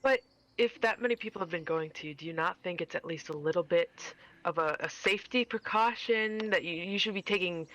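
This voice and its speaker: A man playing a tabletop game, speaking in a hesitant, halting, earnest way. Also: sits high, sharp tone, highs cut off. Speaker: player. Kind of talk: casual tabletop play.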